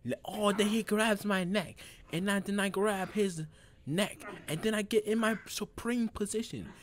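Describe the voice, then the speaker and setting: A young man narrating his own video in a joking voice-over, deadpan and boastful, sometimes dropping to a quiet mumble. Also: moderate pace. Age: young adult. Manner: deadpan boasting, mock trash talk, drops to quiet low mumbling. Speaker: vlogger. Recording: crowd noise behind.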